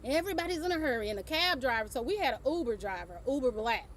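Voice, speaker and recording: A woman's voice: sits high, animated, fast talker, a little hiss or hum. A middle-aged woman hosting her own show, telling a casual story, laughing often and swearing offhandedly. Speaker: host.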